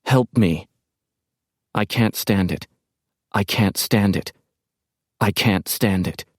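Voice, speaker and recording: Brief: a terrified young woman's diary voice, read plainly by a deep-voiced man, dry and close. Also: no echo. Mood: desperate. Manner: low, slow, even reading. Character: frightened young woman writing a desperate diary. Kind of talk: audiobook narration.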